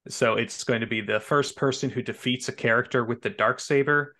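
A man's voice: medium pitch, fairly even intonation, brisk, bright, forceful tone. A man on a podcast explaining his tournament plans casually, hesitating with plenty of fillers. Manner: hesitant, many uhs and you-knows. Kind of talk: casual chat.

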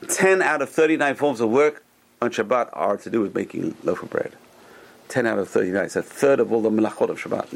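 Gravelly-voiced man teaching a Torah class. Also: mid-range voice. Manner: animated, repeats phrases for emphasis.

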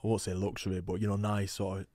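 A young man, a rugby player guest telling animated stories in a casual podcast chat. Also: sits low, quick pace, no echo. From England. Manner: storytelling, animated quoting, laughs often. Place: podcast studio.

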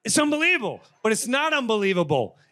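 A middle-aged man telling a personal story in an animated way, jumping into the voices of the people he quotes. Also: fast, heavy background noise. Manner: animated, acts out quoted voices with big pitch jumps.

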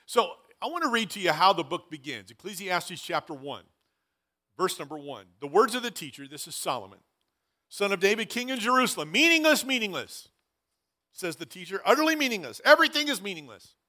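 A man's voice: sits high, big pitch swings, a little fast, bright, forceful tone. A man in his sixties preaching a sermon as pastor, emphatic, repeating key phrases and dropping dry asides. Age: 60s.

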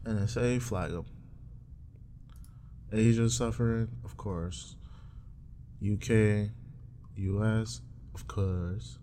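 A man's voice: lowish voice, slow, long pauses, warm tone, a little hiss or hum. A young man chatting casually on his own while browsing, rambling with profane, joking asides. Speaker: streamer. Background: keyboard typing and clicks.

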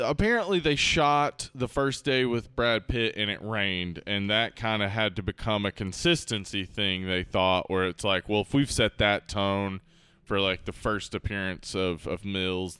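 A man's voice: on the low side, unhurried, bright, forceful tone, smooth, no echo. A man co-hosting a podcast, talking through a film in a casual, rambling way with many fillers and restarts. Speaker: podcast co-host. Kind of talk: casual movie discussion.

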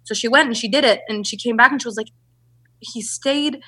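A woman's voice: a little high, very fast, pushed and bright, slightly rough. A woman, a relationship and business coach, telling her story as a podcast guest and acting out the voices of people she quotes.

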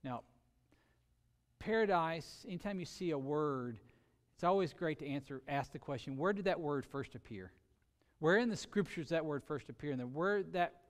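A man preaching a sermon earnestly, with sudden shifts between loud emphasis and quiet, drawn-out words. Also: fairly high pitch, long reverb tail. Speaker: pastor.

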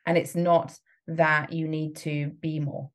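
A woman's voice: low voice, little pitch movement, slow. A woman coach giving a motivational talk, emphatic and frequently laughing as she acts out the voices in people's heads. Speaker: business coach.

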